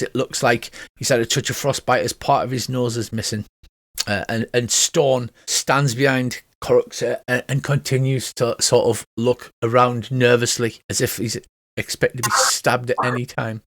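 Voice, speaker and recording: A man's voice: medium pitch, steady tone, moderate pace, fairly bright tone, dry recording. A man narrating a tabletop game as game master, rambling with lots of ums. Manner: rambling, filler-heavy narration.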